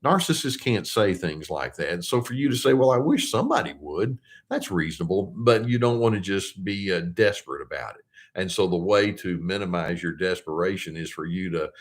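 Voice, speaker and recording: Older male therapist-host, lower voice, gentle and reflective, lots of hesitant restarts. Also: expressive, a little fast. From United States. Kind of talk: casual advice talk to viewers.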